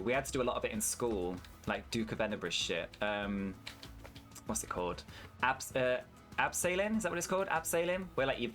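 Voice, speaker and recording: A man's voice: mid-range voice, fairly bright tone. A British man with a British English accent, chatting casually and swearing freely while streaming a farming game and answering his chat. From United Kingdom.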